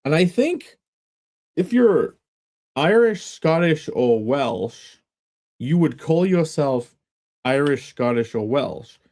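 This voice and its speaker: A man's voice: sing-song, slow pace, long pauses, darkish tone. An English man chatting casually on a live stream from a half-emptied room at home, meandering and wry. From England. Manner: meandering and wry, with big pitch swings.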